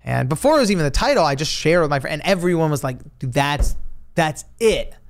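A male author guest tells stories in a loose, animated way, laughing often and dropping swear words. He leans on lots of fillers like "like" and "you know". His voice is slightly high for a man. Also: rapid-fire, creaky. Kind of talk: casual storytelling.

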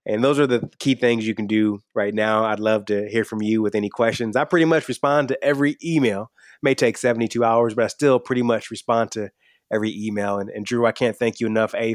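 A man's voice: on the low side, fairly even intonation, brisk, no room sound. Earnest man, dry close sound. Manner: earnest, enthusiastic, repeats words when emphatic. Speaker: podcast guest. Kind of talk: casual interview talk.

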